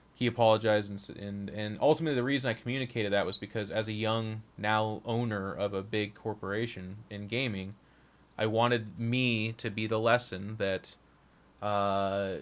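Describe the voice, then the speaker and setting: A man's voice: lowish voice, fairly bright tone. A young man speaking frankly to his audience about his career, rambling and often restarting his sentences. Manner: frank, rambling, self-interrupting. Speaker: streamer and caster. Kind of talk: candid monologue to camera.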